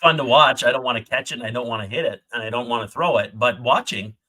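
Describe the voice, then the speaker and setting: A man co-hosting a sports podcast in casual chat, with a bright, forceful voice. He is joking and enthusiastic, running through details in a chatty way. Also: mid-range voice, quick pace. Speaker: podcast co-host.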